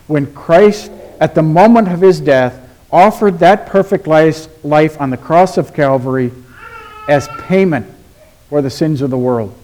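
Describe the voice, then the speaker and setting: A man preaching a sermon in a deliberate, emphatic way, asking rhetorical questions and dropping to a quiet voice for stress. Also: on the high side. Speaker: pastor.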